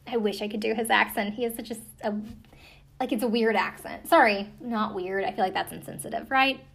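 A woman's voice: on the high side, brisk, gravelly, a bit bright. A young American woman giving a casual, skeptical recap with a sarcastic edge and lots of fillers. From United States. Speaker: commentator recapping a ghost-hunting show. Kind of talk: casual chat.

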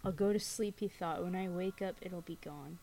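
A young woman co-hosting a podcast, reading a scary story aloud in a laid-back, unhurried way, and chatting casually. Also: lowish voice, dark tone, a little hiss or hum, rough recording. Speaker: podcast co-host.

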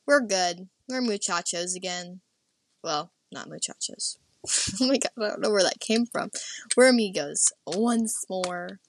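A woman's voice: medium pitch, lively intonation, a little slow. A teenage girl telling a personal story in a casual, rambling way, full of fillers, sometimes dropping into a whisper. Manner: chatty, rambling, full of "like", drops into whispered asides. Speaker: vlogger.

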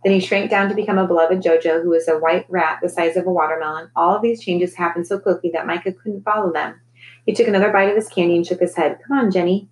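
A woman, a teacher, reading a children's novel aloud in a gentle, clear storytelling manner. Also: fairly low pitch, steady tone, fast, poor audio.

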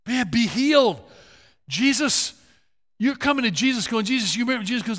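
A male pastor preaching a sermon, dropping low and quiet for stories and then rising into loud, rallying calls to get up. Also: animated, brisk. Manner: swings from hushed storytelling to loud rallying calls. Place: large church hall. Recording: long hall reverb.

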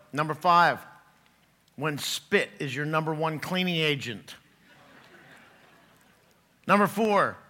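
A man's voice: on the high side, bright, forceful tone. A middle-aged man preaching a sermon, chatty and joking, laughing at his own jokes before turning to scripture. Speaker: pastor.

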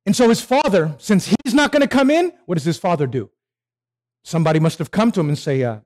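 Man preaching a sermon, kinda high voice, pitch all over the place, keeps asking the crowd questions. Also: fast talker. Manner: animated, asks the congregation questions and answers them.

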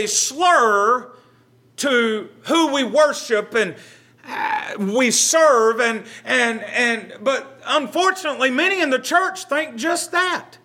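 High-voiced pastor teaching slowly. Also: male voice, sharp tone. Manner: earnest, conversational, repeats words as he thinks. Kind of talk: Bible study teaching.

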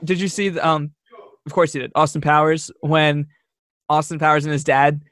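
A young man co-hosts a loose, rambling chat, laughing easily as he goes. His voice sits a little high for a man. The sound is close and dry, with no room around it. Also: flat delivery, normal speed, fairly bright tone, no room sound. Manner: laid-back, laughs often, rambling. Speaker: podcast co-host. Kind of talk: casual chat.

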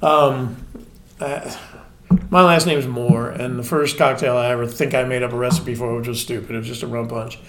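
A man's voice: medium pitch, fairly even intonation, moderate pace, a bit bright, slight background noise. A man in his forties, a podcast guest telling casual stories in a chatty, self-mocking way. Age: 40s. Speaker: podcast guest, spirits brand manager. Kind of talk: casual storytelling chat.

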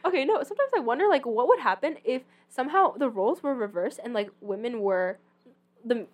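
Lively fast-talking young woman. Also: on the high side. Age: young adult. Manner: giggly, animated, quick and rambling. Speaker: podcast co-host. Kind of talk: casual chat. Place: sitting by a window with cars passing.

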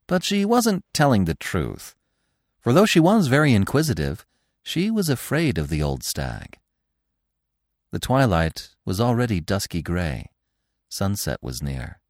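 A man's voice: fairly low pitch, huge pitch swings, a little slow, no echo, clean studio sound. A man narrating a classic children's story expressively as a podcast host. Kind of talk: audiobook narration.

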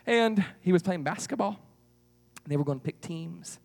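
A man leading a children's church puppet show, animated and coaxing as he tells a story to the kids. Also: on the high side, normal speed.

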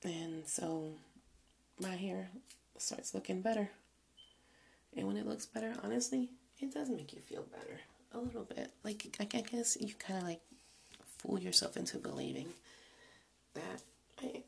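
A tired, out-of-breath young woman talking casually while doing her hair, slowly and softly, often dropping to a whisper. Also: mid-range voice, creaky. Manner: slow, soft, often trailing into whispers. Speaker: vlogger.

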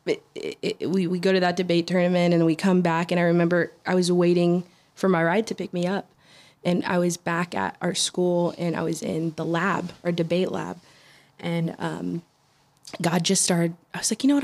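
Lively woman storyteller. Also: fairly low pitch, moderate pace. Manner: animated, with frequent restarts and acted-out quotes. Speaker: interview guest. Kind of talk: casual storytelling.

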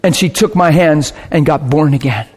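A man preaching, telling a personal story with lively swings between hushed and shouting moments. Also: fairly high pitch, normal speed. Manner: animated, bursts into shouting and laughter. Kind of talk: sermon storytelling.

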